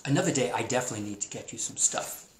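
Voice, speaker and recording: A man's voice: medium pitch, expressive, rapid-fire. A man teaching a remote class, talking in a chatty, enthusiastic way and drawing out words for emphasis. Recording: roomy echo, faint noise.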